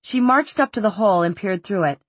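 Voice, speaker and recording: A woman's voice: mid-range voice, expressive, fairly quick, slightly rough, dry recording. Woman reading a story, dry close sound. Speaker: audiobook narrator. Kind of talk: scripted narration.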